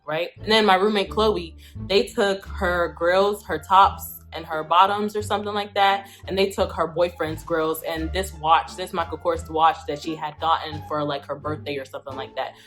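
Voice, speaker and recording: A woman's voice: on the low side, fairly even intonation, normal speed, fairly bright tone, soft background music. A young woman vlogger telling a storytime, emphatic and profane, repeating lines for effect. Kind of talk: storytime vlog.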